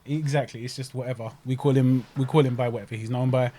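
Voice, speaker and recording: Brief: young English podcast co-host, mid-range voice, loose and rambling, drops "innit". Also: male voice, mid-range voice, steady tone, fast, warm tone, slight background noise. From England. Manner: rambling, repeats words, says "innit". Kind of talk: casual sports chat.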